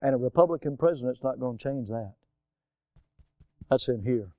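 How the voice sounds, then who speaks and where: A man's voice: medium pitch, lively intonation, normal speed, no echo, phone-quality sound. A man preaching a sermon with a rising and falling cadence and frequent rhetorical questions. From United States. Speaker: pastor.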